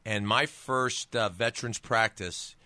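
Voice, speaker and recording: Animated man telling stories, bright voice. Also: lowish voice, measured pace, dry recording. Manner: animated storyteller with many restarts. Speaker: guest, former pro football player and author. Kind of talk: casual storytelling interview.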